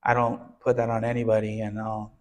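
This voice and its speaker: A man's voice: lowish voice, completely flat delivery, a little fast, darkish tone. An earnest man telling his life story. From United States (born in Texas, raised in southern California). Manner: earnest and conversational, full of "you know" and restarts. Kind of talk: casual personal storytelling in an interview.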